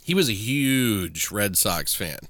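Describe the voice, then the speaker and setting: A man's voice: fairly low pitch, expressive, slow pace, a bit bright, dry recording, clean studio sound. A man co-hosting a podcast, casually and profanely recapping movie plots and reading out trivia. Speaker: podcast co-host reviewing movies. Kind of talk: casual chat.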